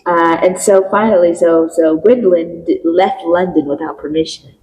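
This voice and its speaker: A woman co-hosting a podcast, chatting casually as she retells a play's plot and acts out the quotes in a higher voice. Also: steady tone, normal speed, a little mellow, a little hiss or hum, poor audio. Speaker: podcast co-host. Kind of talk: casual chat recapping a play.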